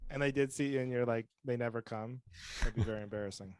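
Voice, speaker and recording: A man's voice: mid-range voice, fast, a little mellow, smooth, no echo. A man co-hosts a podcast and tells jokey stories in casual chat, slipping in bits of dialogue. His voice sits in a middle register. The recording is dry and close. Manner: joking storyteller, acts out dialogue. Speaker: podcast co-host.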